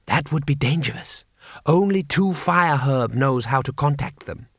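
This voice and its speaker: A man playing a slow, defiant young rebel woman. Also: on the high side, animated, fairly bright tone, dry recording, studio quality, full character voice. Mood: wary. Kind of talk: audiobook character voice.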